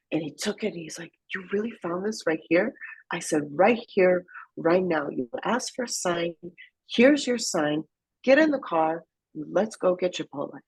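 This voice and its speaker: A young woman from Afghanistan shares her faith testimony as an interview guest, her low voice rough with fry and a husky edge. She tells it with feeling, dropping to a whisper whenever she quotes what she said. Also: poor audio. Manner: emotional, drops into whispers when quoting. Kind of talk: personal testimony storytelling.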